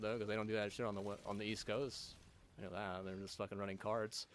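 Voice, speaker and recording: A man's voice: fairly low pitch, level tone, fast, slight background noise. A young man ranting in a rambling, profane way, full of fillers and restarts.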